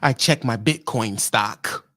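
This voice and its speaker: A man's voice: medium pitch, slow, fairly bright tone, pitched below the performer's own voice. A man voicing a smug, lazy male office dispatcher who talks down to drivers. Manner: condescending, self-satisfied.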